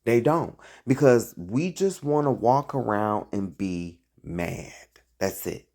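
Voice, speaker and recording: Slow gravelly guy doing preachy commentary, asks lots of questions, drags his words out. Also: medium pitch, animated, warm tone. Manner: slow, emphatic, rhetorical questions. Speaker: online religious commentator.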